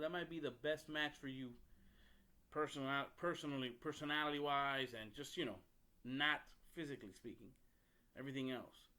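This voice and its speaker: A man's voice: fairly high pitch, pushed and bright. A man hosting a podcast, telling a story in a blunt, profane, rambling way with frequent restarts. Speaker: podcast host. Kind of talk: casual storytelling monologue.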